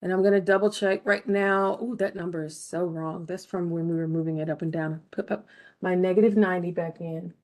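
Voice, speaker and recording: A woman walks her students through a game design lesson one step at a time. She is patient and clear, and often pauses to ask whether everyone is following. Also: fairly low pitch, steady tone, a little mellow. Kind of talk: recorded screen-share lesson.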